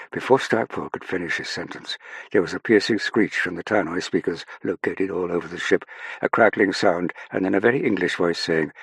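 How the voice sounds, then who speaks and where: A man narrating an audiobook in a measured, even way. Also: deep voice, gravelly, husky, dry recording. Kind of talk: scripted narration.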